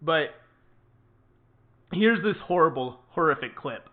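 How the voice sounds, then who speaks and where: A man's voice: on the high side, animated, takes it slowly. Indignant man on a tinny line. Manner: indignant, emphatic, repeats for stress. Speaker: host of a commentary show. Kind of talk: opinionated political commentary. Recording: tinny phone-like sound.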